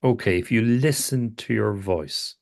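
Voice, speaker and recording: Low-voiced man, calm and probing. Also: measured pace, creaky. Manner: calm, probing questions, repeats phrases. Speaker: psychotherapist. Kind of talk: therapy session conversation.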